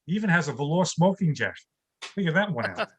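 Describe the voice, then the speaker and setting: An older man performs a stand-up comedy set over a video call, his voice sitting high. He lands deadpan one-liners about home life, each building to a punchline. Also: fast talker, a little hiss or hum, rough recording.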